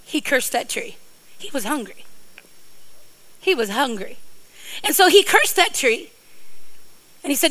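Woman preacher, middle-aged, joking rambling sermon, bright ringing voice. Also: sits high, sing-song, measured pace, pauses often, poor audio. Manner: playful, joking, rambling asides.

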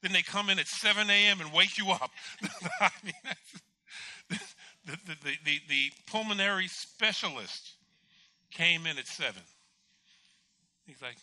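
Bright-voiced pastor telling a lively story. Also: male voice, high voice, a little slow, pauses often. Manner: animated storyteller, acts out dialogue with laughs. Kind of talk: storytelling testimony.

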